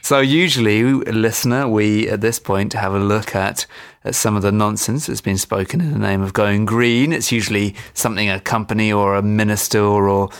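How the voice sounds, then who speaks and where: A man's voice: fairly low pitch, steady tone, normal speed, clear, resonant tone. A young man co-hosting an environmental podcast, chatting in a wry, rambling way. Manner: wry, rambling, self-deprecating. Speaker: podcast co-host. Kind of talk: casual chat.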